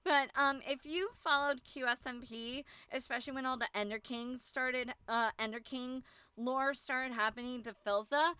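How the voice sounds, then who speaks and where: A woman's voice: high-pitched, steady tone, moderate pace, bright, forceful tone, smooth, no room sound. A young woman streamer giving a casual, bubbly recap, giggling and acting out what people said to her. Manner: bubbly, giggly, acts out quoted exchanges. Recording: dull, lo-fi dry stream audio.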